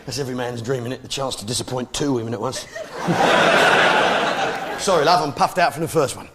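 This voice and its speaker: A man's voice: mid-range voice, brisk. An English man doing live stand-up comedy in a brash, blustering way, full of tag questions. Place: theatre stage before a live audience. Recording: live show with crowd laughter and noise.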